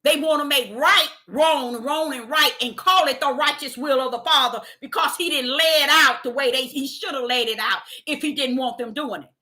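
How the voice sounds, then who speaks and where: Fervent high-voiced woman preaching. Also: moderate pace, hardly any pauses, bright, forceful tone. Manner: fervent, exhorting, retells visions in dialogue. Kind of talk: spontaneous sermon.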